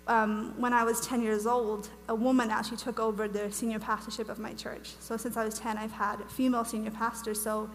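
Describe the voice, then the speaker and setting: A young woman from Wales with an American accent speaks at a church conference in a bubbly, chatty way, full of restarts. Her voice sits a little high and carries a long reverb from the hall, with a faint hum beneath it. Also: flat delivery, fairly quick, few pauses. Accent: American, lost her Welsh accent. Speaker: guest speaker. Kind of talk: casual testimony talk at a conference.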